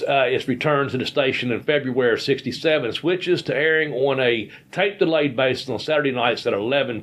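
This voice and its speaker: A man's voice: mid-range voice, fairly bright tone. A man, a podcast co-host and former wrestler, telling rambling stories in casual chat. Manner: rambling, folksy, repeats words.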